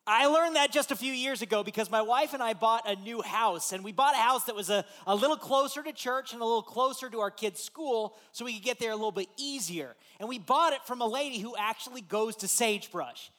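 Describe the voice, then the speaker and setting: A man, a pastor, telling a lively personal story in a sermon and acting out the voices in it. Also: very high voice, fairly quick, hardly any pauses. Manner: animated, acts out voices in his story.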